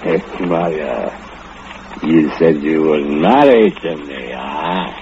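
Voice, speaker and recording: An actor playing a drunken, murderous foundry laborer who speaks in broken English and gloats with low chuckles, in an old-time radio drama. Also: male voice, takes it slowly, darkish tone, slight background noise, full character voice. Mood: gloating. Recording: muffled old radio recording with music.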